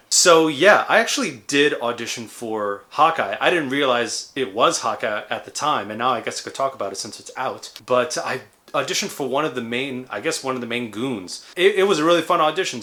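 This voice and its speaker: A man's voice: medium pitch, bright, forceful tone. A man in his thirties, an actor, chatting through a casual beer review with playful, jokey asides. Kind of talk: casual food and drink review vlog.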